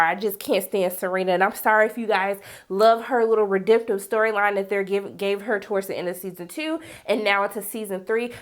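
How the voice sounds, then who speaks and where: A woman reviewing a TV episode in a casual, sassy recap, acting out the characters' lines. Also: on the high side. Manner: animated, sassy, acts out characters in raised voice. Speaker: TV show reviewer.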